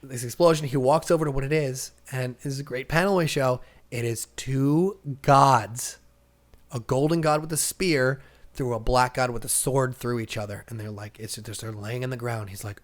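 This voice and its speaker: A young man co-hosting a casual podcast, retelling a comic story with lots of acted-out lines and sudden shouts. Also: medium pitch, moderate pace. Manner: animated storyteller, acts out characters' lines. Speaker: podcast co-host. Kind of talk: casual comic-book recap chat.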